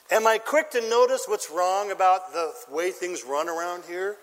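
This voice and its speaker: A man's voice: high voice, normal speed, few pauses, a bit bright, long reverb tail. A man preaching a sermon as pastor, emphatic and quizzing his congregation with questions. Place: church.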